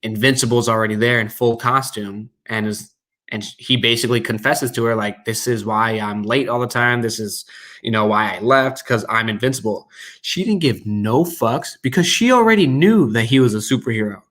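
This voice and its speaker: A man co-hosting a casual chat show, talking bluntly and swearing freely as he recaps. His voice sits at a middle pitch, and he pushes hard on every point. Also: normal speed, fairly bright tone. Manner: blunt, profane, emphatic. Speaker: podcast co-host.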